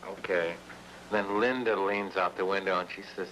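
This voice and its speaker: A man's voice: low voice, a little fast, pushed and bright, a little hiss or hum, low-quality recording. A drunk middle-aged man rambling through a profane, self-mocking story. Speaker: poet.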